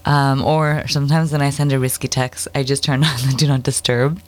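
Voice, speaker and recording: A woman's voice: a bass voice, flat delivery, brisk. A woman in casual conversation, talking loosely with many fillers and restarts. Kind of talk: casual chat.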